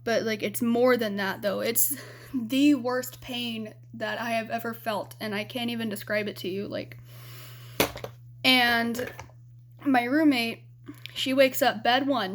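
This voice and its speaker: A woman's voice: a little high, fairly even intonation, measured pace. A young adult woman vlogging, telling a personal story in a candid, rambling way with lots of fillers.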